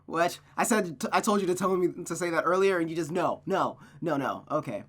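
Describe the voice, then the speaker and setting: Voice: mid-range voice, fairly quick, hardly any pauses, a bit bright. Chatty visual novel reader. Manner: chatty, self-correcting, wry asides. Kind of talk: reading a game aloud with running commentary.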